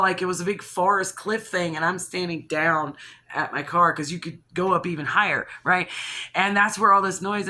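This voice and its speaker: A channel host talks to the camera like she's recording a casual video diary, rambling through a personal story in a bright, sharp, mid-range voice. She stays animated throughout, restarting sentences, gasping between thoughts, and laughing.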